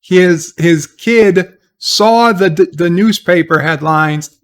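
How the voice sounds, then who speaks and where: A man's voice: sits high, slow, clear, resonant tone. A man giving a casual spoken recap of a TV episode, rambling and hesitant with lots of fillers and sarcastic, exasperated asides. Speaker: TV episode reviewer.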